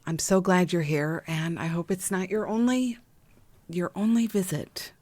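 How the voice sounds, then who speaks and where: A woman hosting a gentle spiritual podcast, talking in a slow, soothing and affectionate way with soft laughs. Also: fairly low pitch, no echo. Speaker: podcast host and intuitive healer. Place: home room with window open.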